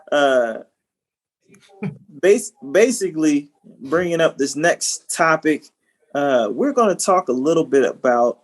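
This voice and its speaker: A man co-hosting a podcast in casual chat, rambling with lots of "you know" and repeated words. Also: fairly high pitch. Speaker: podcast co-host.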